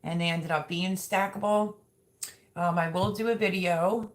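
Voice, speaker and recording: A woman with a slightly low voice chatting on her own livestream. She gushes warmly and talks to viewers as she reads their comments aloud. Her delivery is loose and conversational. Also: steady tone, unhurried. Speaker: livestream host. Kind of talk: casual livestream chat.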